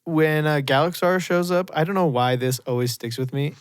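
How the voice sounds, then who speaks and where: A podcast co-host chatting casually about a movie, animated and quick to laugh. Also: mid-range voice, clear, resonant tone, no echo, clean studio sound. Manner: animated, laughs often, acts out quoted lines. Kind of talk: casual movie review chat.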